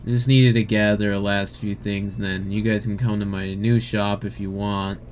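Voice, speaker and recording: A man's voice: fairly low pitch, little pitch movement, moderate pace, darkish tone, soft background music, close to an everyday voice. A man voicing a wary, streetwise male merchant in a tabletop game. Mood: resigned.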